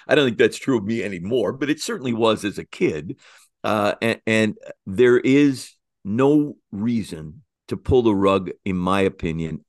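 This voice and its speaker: Low-voiced man, rambling conversational guest. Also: no echo, clean studio sound. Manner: rambling, self-correcting, animated storytelling. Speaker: guest, magician. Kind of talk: conversational interview.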